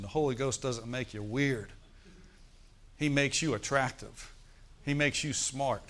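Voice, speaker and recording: A middle-aged man preaches a sermon, telling a story and calling out to the congregation for responses. His voice sits at medium pitch with a fairly bright tone.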